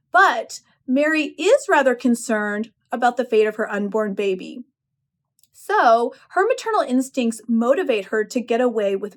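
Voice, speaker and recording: Woman professor, high voice, lecturing on a short story with lively personal opinions. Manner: expressive, opinionated retelling. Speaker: English professor. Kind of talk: literary analysis lecture.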